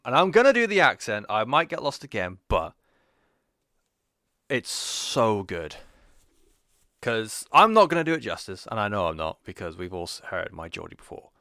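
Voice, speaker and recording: Low-voiced man, smooth and dry. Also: bright, forceful tone, no room sound. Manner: chatty, rambling, frequent filler "um". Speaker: podcast host. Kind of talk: casual recap podcast.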